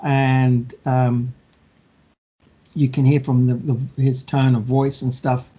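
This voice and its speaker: Husky animated man, lo-fi sound. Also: mid-range voice. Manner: animated storyteller, acts out scammers and victims in quick mock voices. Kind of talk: casual chat. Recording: dull lo-fi sound.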